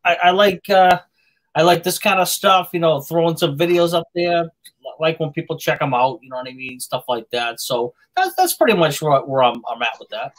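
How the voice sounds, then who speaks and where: Halting man with a Massachusetts accent. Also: fairly high pitch, lively intonation, rough recording. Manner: halting, many fillers and repeated words. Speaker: live stream host. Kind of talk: casual chat.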